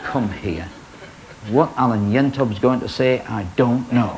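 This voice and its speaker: A man's voice: mid-range voice, unhurried, crowd noise, low-quality recording. A man hosting a magic show, bantering in comic stage patter before a live audience. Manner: teasing, animated showman banter. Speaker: magician host. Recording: studio audience laughter and noise.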